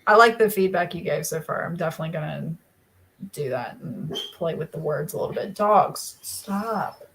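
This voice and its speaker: A woman's voice: low-pitched, fairly quick, slight background noise, poor audio. A woman co-hosting a casual live writing stream from home. She chats freely, laughs often and breaks off to scold her dogs. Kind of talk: casual chat.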